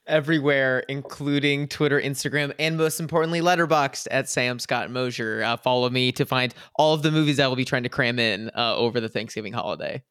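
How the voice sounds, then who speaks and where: A man's voice: medium pitch, fairly quick, few pauses, a bit bright, smooth, no echo, studio quality. A man co-hosting a podcast in casual chat, laid-back and joking. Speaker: podcast co-host.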